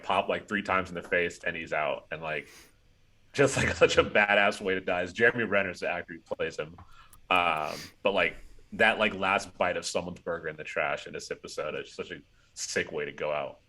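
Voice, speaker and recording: A man's voice: low-pitched, moderate pace, sharp tone. A man chatting casually on a podcast, rambling with lots of fillers while retelling a movie scene. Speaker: podcast co-host. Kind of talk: casual chat.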